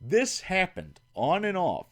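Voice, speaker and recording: A man with a Kentucky accent casually telling stories to his livestream chat, swearing and making wry deadpan asides. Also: high voice, takes it slowly. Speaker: livestream host. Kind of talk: casual storytelling. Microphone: home streaming mic.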